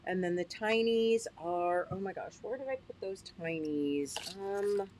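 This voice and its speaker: A woman's voice: medium pitch, a little slow, darkish tone, a little hiss or hum. A woman hosting a casual livestream, chatty and upbeat, who often checks in with her listeners and laughs at herself. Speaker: host. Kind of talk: casual livestream product demo.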